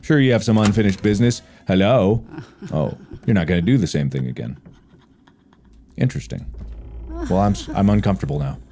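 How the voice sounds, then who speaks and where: A man's voice: lowish voice, animated, a little fast, long pauses, mellow. A man playing a horror game alone, teasing and taunting an unseen ghost with sudden yelps. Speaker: game streamer.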